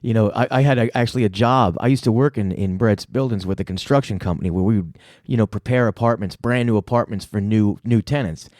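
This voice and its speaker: A man's voice: fairly low pitch, fairly quick, a little mellow, dry recording, studio quality. A middle-aged man, hosting a comedy show and telling a rambling, profane story full of fillers. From New York City. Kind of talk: casual storytelling.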